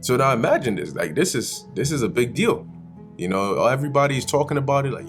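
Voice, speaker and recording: A man's voice: mid-range voice, fairly quick, music in the background. A man giving a casual, slangy Bible study commentary, often acting out the characters. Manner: animated, slangy, acts out characters. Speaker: Bible teacher.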